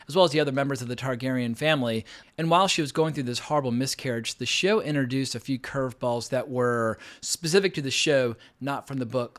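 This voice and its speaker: A man reviewing a TV episode in a relaxed, conversational way, opinionated and now and then profane. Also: medium pitch. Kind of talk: casual spoken TV episode review.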